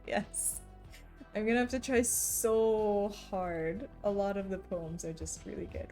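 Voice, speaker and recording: A woman's voice: mid-range voice, fairly even intonation, unhurried, warm tone, soft background music. A young woman livestreaming, chatting casually with her audience and teasing them playfully with frequent giggles.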